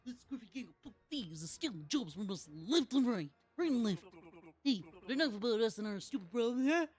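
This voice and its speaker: A woman's voice: a little high, expressive, a little fast, darkish tone, faint music behind, natural voice. Woman putting on a Brooklyn-accented mobster. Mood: gloomy. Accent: put-on Brooklyn accent. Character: gruff mobster gang member, glum.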